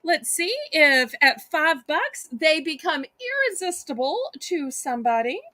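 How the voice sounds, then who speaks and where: A woman's voice: high voice, animated, a little slow, bright, forceful tone, no echo. A woman with a Southern US accent hosting a live home-shopping auction, chatty and sweet, calling the viewers y'all.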